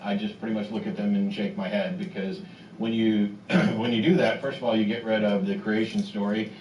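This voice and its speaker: Lowish guy hosting a call-in, blunt, sounds far off in an echoey room. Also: fairly even intonation, brisk, darkish tone, muffled recording. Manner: blunt, dismissive of scripture arguments. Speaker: call-in show host. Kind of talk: call-in talk show. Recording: roomy distant mic with noise.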